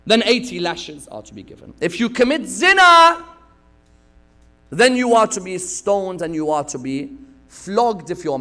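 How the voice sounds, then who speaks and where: A man preaching a sermon, telling stories with acted-out quotes and sudden loud bursts. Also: sits high. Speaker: preacher giving a Muharram lecture.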